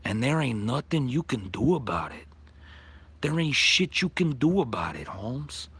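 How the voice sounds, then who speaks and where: A man's voice: mid-range voice, measured pace, bright, forceful tone, husky. A man putting on the voice of a streetwise tough guy who taunts and threatens in a swaggering, profane way, recorded outdoors in a backyard at night. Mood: menacing taunt.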